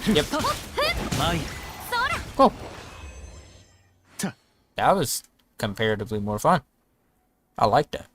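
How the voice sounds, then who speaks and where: A man's voice: mid-range voice, big pitch swings, slow, long pauses, fairly bright tone, a little hiss or hum. A man giving casual, joking gameplay commentary, often talking to himself as he plays. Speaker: streamer.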